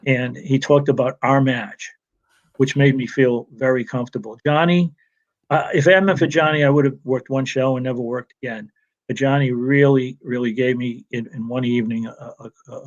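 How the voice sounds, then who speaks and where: A man spins long anecdotes in a casual, chatty way, doubling back and restarting his sentences and laughing now and then. His voice sits in an ordinary middle register and comes through a muffled, lo-fi connection. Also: medium pitch. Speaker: retired wrestling referee, guest. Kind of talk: casual storytelling interview.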